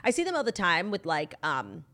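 A young woman co-hosting a podcast, telling gossip in a fast, animated way with many fillers. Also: lowish voice. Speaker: podcast co-host. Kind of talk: casual gossip chat.

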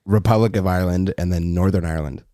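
Fast-talking low-voiced man on a podcast. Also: steady tone, dark tone, no echo, studio quality. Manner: quick, rambling retelling with fillers. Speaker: podcast co-host. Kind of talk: casual chat.

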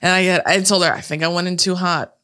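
Bright-voiced young woman telling a story. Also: lowish voice, fast, clean tone. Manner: animated, profane, laughs often. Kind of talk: casual storytelling chat.

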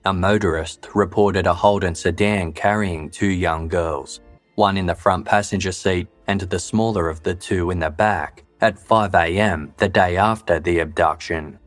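A man giving measured, sober scripted narration for a true-crime podcast. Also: deep voice, no echo. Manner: measured, even, sober delivery.

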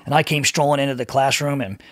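A man's voice: medium pitch, fairly even intonation, quick pace, dry recording, clean studio sound. A man in his thirties, a podcast guest telling casual, profane anecdotes and laughing between them. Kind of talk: casual storytelling in conversation.

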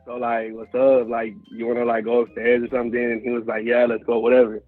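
A man's voice: mid-range voice, completely flat delivery, fairly quick, no echo, phone-quality sound, soft background music. A man in his twenties from Houston telling a story casually, full of slang, swearing and fillers. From Houston, Texas. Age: 20s. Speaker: guest storyteller.

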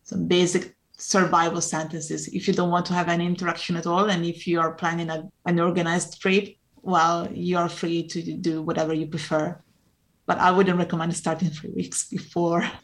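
A woman's voice: fairly low pitch, little pitch movement, normal speed. A woman with an Italian accent, a non-native English speaker, answering interview questions in an earnest, encouraging way. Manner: earnest, encouraging, laughs often. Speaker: Italian teacher guest.

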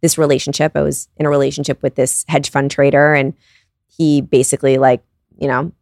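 A woman's voice: low-pitched, level tone, brisk, vocal fry, darkish tone, no echo, clean studio sound. A woman in her thirties, a podcast guest telling her story in an earnest, confessional way with lots of "like". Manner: earnest and confessional, many "like" fillers. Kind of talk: candid personal storytelling.

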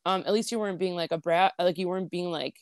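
A woman co-hosting a podcast, chatting casually in a quick, reassuring way. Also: on the low side, steady tone, dry recording, studio quality. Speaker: podcast co-host. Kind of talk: casual chat.

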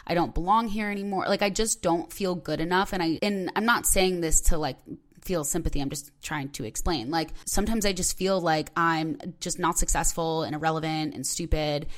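Hosting her own solo podcast, a woman in her twenties rambles in a loose, emotional, confessional way, saying "like" constantly. Her slightly low voice has a fragile edge, as though she's close to tears, with fairly even intonation and a moderate pace.

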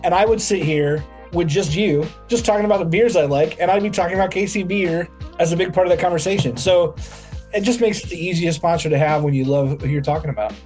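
Jokey rambling podcast guy, higher voice. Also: fast talker, a little mellow, soft background music. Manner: jokey, rambling, filler-heavy. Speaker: podcast co-host. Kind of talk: casual sports podcast chat.

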